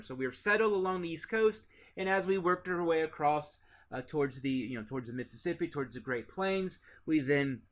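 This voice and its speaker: A man's voice: fairly high pitch, fairly bright tone. An American man giving a casual recorded geography lecture, with many fillers and restarts. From United States. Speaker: teacher.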